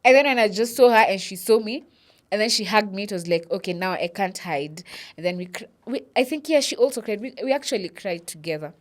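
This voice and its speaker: Animated Kenyan woman telling her story. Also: mid-range voice, quick pace. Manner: animated, mixes English with Swahili, acts out quotes. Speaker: vlogger. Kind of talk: personal storytelling monologue.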